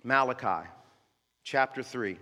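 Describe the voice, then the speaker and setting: A man preaching a sermon as a pastor, building to loud, impassioned exhortation. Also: slow pace. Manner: preaching that swells to loud high-pitched exhortation. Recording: echoey hall with music behind.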